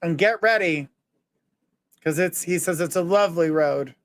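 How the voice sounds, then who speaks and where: A man's voice: fairly high pitch, moderate pace, a bit bright. A man hosting a live psychic reading, earnestly relaying messages and reassurance. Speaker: psychic medium host.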